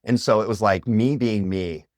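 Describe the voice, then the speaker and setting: A man in his thirties, a podcast guest, telling personal stories in an animated, conversational way, full of "like" and "you know". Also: on the low side, normal speed, no room sound, studio quality. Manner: animated, filler-heavy, with lots of "like" and "you know".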